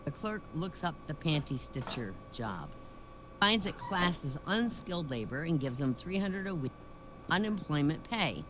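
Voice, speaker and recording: A woman's voice: low-pitched, sing-song, moderate pace, background noise. A woman doing a stand-up set, chatty and wry, telling jokes in a storytelling way. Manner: chatty, complains wryly, narrates jokes with put-on voices. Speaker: comedian.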